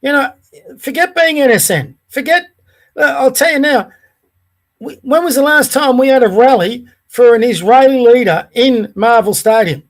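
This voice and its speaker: A middle-aged man with an Australian accent and a noticeably high voice hosts a podcast monologue. He rants with indignation and fires off rhetorical questions one after another. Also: moderate pace. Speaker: podcast host.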